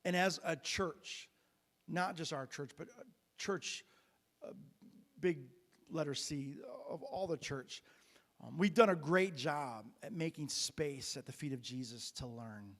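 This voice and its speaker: A man's voice: on the high side, unhurried, a bit bright, long reverb tail. A man preaching a sermon as pastor, retelling a Bible story in a conversational way with frequent restarts and fillers. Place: church sanctuary.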